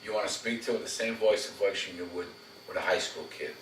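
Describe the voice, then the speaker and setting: A man's voice: deep voice, fast. A man working as a dog trainer, coaching a dog owner at home in a direct way and often checking in with "okay?". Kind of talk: casual instruction at a home visit. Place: home room. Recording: roomy, distant camera mic, faint noise.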